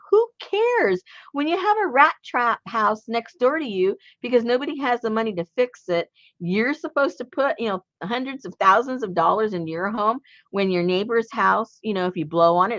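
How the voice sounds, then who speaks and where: Middle-aged woman, casual craft host, chatty and laughing, pitch jumps all over, dull lo-fi sound. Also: fairly bright tone, no echo. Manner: chatty, laughs often, many ums and trailing restarts. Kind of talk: casual chat.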